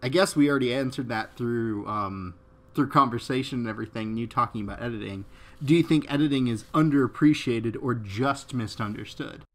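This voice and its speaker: A man's voice: medium pitch, a little fast. A man hosting a casual interview, teasing his guest and laughing often. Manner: giggly, teasing. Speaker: interviewer, channel host. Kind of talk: casual chat.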